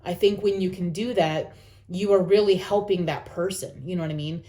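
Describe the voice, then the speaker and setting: This vlogger's voice is mellow and on the low side, moving at a normal speed. She talks earnestly to camera, repeating phrases to stress her encouraging advice in a reflective, personal way.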